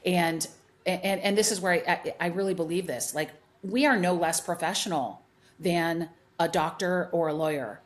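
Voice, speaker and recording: A woman's voice: fairly low pitch, normal speed. A middle-aged woman, a hairdresser and educator, telling stories emphatically in a podcast conversation, with many restarts and repeats.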